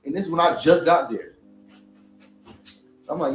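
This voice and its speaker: A man's voice: fairly high pitch, lively intonation, normal speed, long pauses, roomy sound, faint music behind, rough recording. A man in a heated, rambling, profane casual monologue into a studio microphone. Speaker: reaction commentator.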